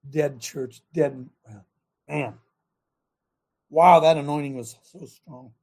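A man preaching to a men's gathering, reading scripture and swinging from loud urging calls to hushed near-whispers in a husky voice. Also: on the high side, fairly even intonation, slow pace.

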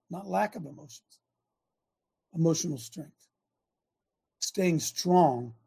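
An older man with a high, husky voice rants as a show host, fired up and emphatic. He drives each point home by saying it again and again. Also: a little mellow. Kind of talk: impassioned opinion monologue.

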